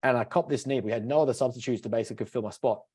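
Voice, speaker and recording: A man talks quickly, cursing casually as he tells animated stories on a podcast. His pitch sits in an ordinary middle range for a man. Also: breathy edge. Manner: swears freely, animated storytelling. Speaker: podcast co-host.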